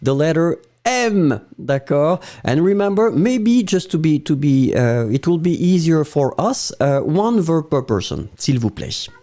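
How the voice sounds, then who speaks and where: A man with a French accent teaches a live lesson, his pitch leaping up and down as he praises answers. He talks slowly and carefully, with a dark, mellow tone, dropping "euh" between names. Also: sing-song. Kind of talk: live-stream language lesson, reading viewer answers.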